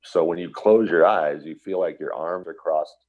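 A man with an extremely deep, low voice tells a personal story in an earnest, conversational way. He brings the scene to life by acting out the lines people said. The recording sounds slightly dull and lo-fi. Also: normal speed. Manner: earnest, vivid retelling full of quoted dialogue. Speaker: guest telling a personal story.

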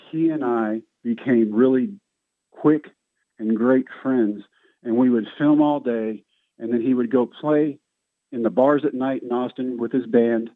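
A middle-aged man tells stories in an animated, self-deprecating way, slipping into the voices of the people he quotes. He comes through a thin, phone-like line with a dry, close sound. His pitch sits in an ordinary middle range for a man. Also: no room sound. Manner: lively, self-mocking storyteller acting out quoted voices. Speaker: guest, former baseball player. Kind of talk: storytelling interview.

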